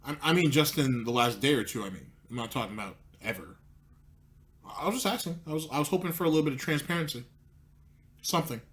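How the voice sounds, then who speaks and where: A man's voice: mid-range voice, lively intonation, fast talker, fairly bright tone. A man hosting a commentary show, talking in a mocking, needling way with plenty of profanity. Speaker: commentary host. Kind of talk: sarcastic commentary.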